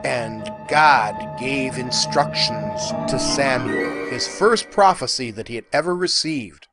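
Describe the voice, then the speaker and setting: A professor narrating a lecture in an animated, folksy storytelling manner. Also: male voice, medium pitch, slow pace, loud music behind the voice.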